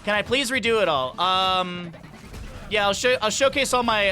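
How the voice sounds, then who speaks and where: A high, bright man's voice rambles through profane stories while playing a game on stream. He breaks off to greet chat and comment on the match. Faint music plays underneath. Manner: rambling, profane storytelling with quick asides to chat. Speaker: gaming streamer.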